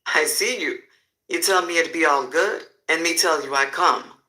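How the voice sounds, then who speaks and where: Man putting on a bright Nigerian-accented smuggler. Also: fairly high pitch, moderate pace, poor audio. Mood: excited. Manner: pidgin phrasing, excited greetings. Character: Nigerian male smuggler, cheerful and businesslike.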